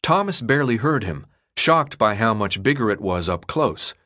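A man narrating an audiobook in an expressive, dramatic storytelling manner. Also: fairly low pitch, normal speed. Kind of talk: scripted narration.

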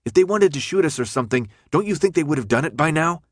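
A man voicing a loud, defiant teenage boy who yells and taunts in an audiobook. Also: fairly high pitch, lively intonation, fast, dry recording, studio quality, pitched above the performer's own voice.

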